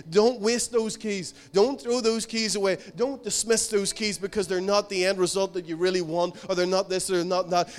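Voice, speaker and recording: High-voiced earnest preacher man. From outside America. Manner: earnest, conversational preaching with repetition. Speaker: pastor. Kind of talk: sermon with storytelling.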